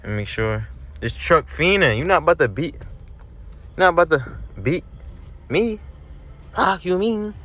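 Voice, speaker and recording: This young car vlogger's voice is on the high side, and he speaks at a moderate pace with long pauses. Recorded on a mounted camera inside his moving car with faint road noise, he offers casual, slangy commentary straight to viewers and gets loud and excited on acceleration.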